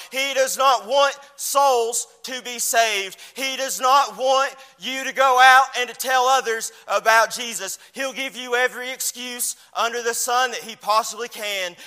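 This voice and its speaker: A man preaching a fiery sermon, his chanted cadence swelling into shouts. His voice sits very high and carries a bright, ringing edge. The church hall around him holds a long reverb. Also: clear, resonant tone.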